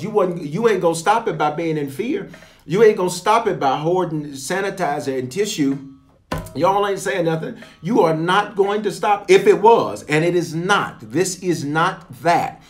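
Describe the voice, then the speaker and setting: Emphatic man leading livestream prayer. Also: fairly high pitch. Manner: emphatic, repetitive, preacherly; colloquial, addresses viewers directly. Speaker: bishop leading online prayer.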